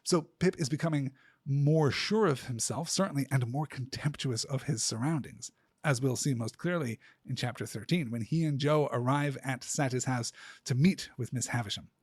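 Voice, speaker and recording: Measured, husky-voiced man analyzing a novel. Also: medium pitch, no echo, clean studio sound. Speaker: podcast host. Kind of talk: literary discussion.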